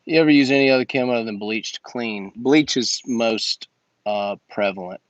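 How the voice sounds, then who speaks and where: A man's voice: medium pitch, normal speed, no echo. Slangy, emphatic man with dull, dry sound. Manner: slangy and emphatic, repeats points. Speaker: business coach host. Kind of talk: casual livestream Q&A.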